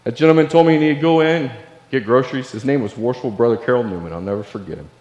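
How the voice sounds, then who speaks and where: A man's voice: mid-range voice, rapid-fire, a little mellow. A middle-aged man from Illinois, a Navy veteran giving a keynote speech and telling a personal story in an earnest, confessional way. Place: large hall. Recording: echoey hall with long reverb.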